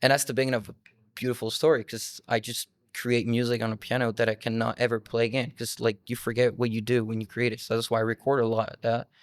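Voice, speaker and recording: A man's voice: medium pitch, little pitch movement, fast, dry recording, clean studio sound. A young man in his twenties, a musician from France whose first language is French, telling stories in a loose, rambling interview chat full of fillers. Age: 20s. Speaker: musician guest.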